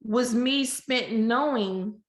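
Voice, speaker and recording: A woman guest on a podcast, telling a personal story candidly and acting out quoted dialogue with lively shifts of voice. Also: a little high, extremely slow. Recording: roomy echo.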